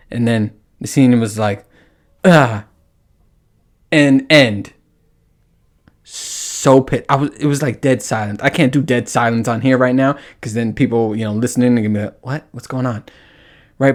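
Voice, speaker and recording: A man hosting a podcast, telling a story in a casual monologue, swearing often and acting out his own reactions. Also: mid-range voice. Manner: animated, profane, acts out his own reactions. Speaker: podcast host.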